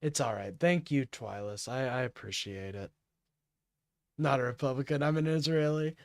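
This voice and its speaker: A man's voice: mid-range voice, animated, moderate pace, dry recording. A man hosting a livestream, ranting in an agitated, profane way and apologizing often.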